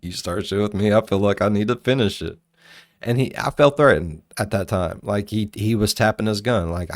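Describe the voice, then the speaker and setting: Deep-voiced man telling stories, dry sound. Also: normal speed, dry recording. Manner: profane, rambling and animated. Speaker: reaction video host. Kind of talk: casual storytelling commentary.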